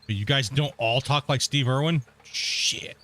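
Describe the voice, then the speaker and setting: Speaking fairly quickly with a mid-range, slightly bright voice, a man plays a game on stream. He's chatty, addresses his viewers in chat directly, and laughs frequently.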